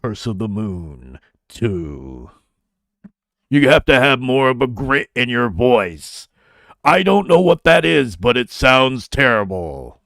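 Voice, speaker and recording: Man, casual stream chat, mocking, dry close mic, lively pitch. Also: unhurried, gravelly, no echo. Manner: mocking, scoffing, laughs at his own jokes. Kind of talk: casual live-stream commentary.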